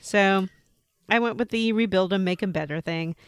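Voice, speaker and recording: A woman's voice: medium pitch, normal speed, clean tone, no room sound, studio quality. A woman co-hosting a podcast, chatting casually as she retells what happened in a game. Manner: chatty, retells scenes with quoted voices. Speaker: podcast co-host.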